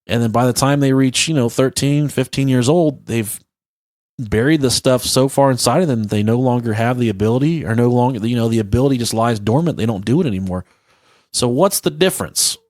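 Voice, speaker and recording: A man's voice: mid-range voice, brisk, darkish tone, no echo, studio quality. A man telling stories on his podcast. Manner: profane, rambling storytelling. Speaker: podcast co-host. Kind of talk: casual podcast chat.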